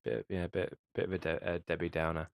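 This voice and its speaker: A man with a fairly low voice talking casually on a podcast, often stopping and restarting his sentences. The recording is dry and close. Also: creaky, no echo. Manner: halting, many restarts. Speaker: podcast co-host. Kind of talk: casual chat.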